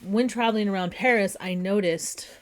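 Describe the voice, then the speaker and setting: A woman's voice: mid-range voice, normal speed. A woman, a flight attendant chatting casually and giving her opinions while reacting to a travel video. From United States.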